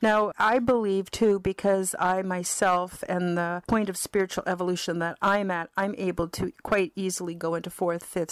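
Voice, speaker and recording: A woman's voice: lowish voice, no room sound. A middle-aged woman from Canada giving an earnest, heartfelt personal testimonial about her spiritual healing, often repeating words for emphasis. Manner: earnest, heartfelt, repetitive phrasing. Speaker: spiritual counselor and vlogger.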